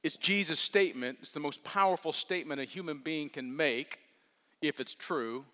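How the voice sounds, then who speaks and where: A man preaching a sermon as pastor, earnest and repetitive, swinging from hushed to emphatic. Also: on the high side, normal speed. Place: large church hall. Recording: long reverb of a large hall.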